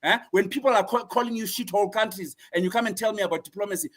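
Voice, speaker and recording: A man's voice: high voice, racing, fairly bright tone. A man giving impassioned political commentary as a guest, fiery and preaching, hammering the same phrases again and again.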